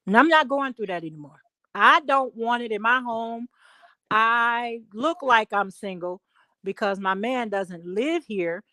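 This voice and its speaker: A woman's voice: on the high side, fairly bright tone, no room sound. Emphatic middle-aged woman telling a story. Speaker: guest. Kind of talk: casual chat.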